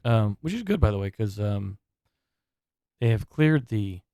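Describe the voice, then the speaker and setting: A man's voice: fairly low pitch, very animated, measured pace, dark tone, smooth, no echo, studio quality. A man co-hosting a podcast in casual chat, rambling and swearing freely as he rants. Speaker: podcast co-host.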